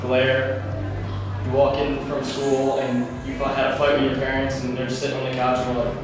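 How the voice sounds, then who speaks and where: A man's voice: mid-range voice, normal speed, loud music behind the voice. A young man casually telling a rambling story to a youth group, acting out the dialogue. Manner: animated, rambling, acts out dialogue. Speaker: youth speaker. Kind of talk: casual storytelling talk to teens. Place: large room, speaking to a youth group. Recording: very echoey room, heard from far off.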